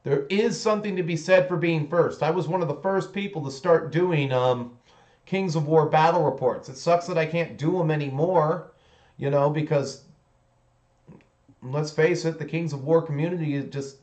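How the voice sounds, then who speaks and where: A man's voice: a little high, moderate pace, a little mellow. A man hosting a hobby livestream in casual chat. He is rambling and blunt, with many restarts. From United States. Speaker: hobby channel host.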